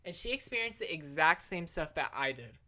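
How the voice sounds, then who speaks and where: A woman's voice: low voice, big pitch swings, fairly quick, bright, forceful tone. A young adult woman telling stories for her vlog in a chatty, slangy way, full of "like" and "literally". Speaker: vlogger. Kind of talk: casual storytelling vlog.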